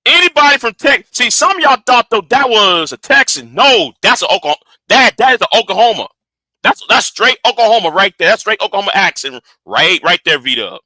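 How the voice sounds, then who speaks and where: Man, livestream host, high voice, very bright sharp tone, argumentative reaction commentary. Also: brisk, no echo. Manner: animated, argumentative, talks straight to his audience.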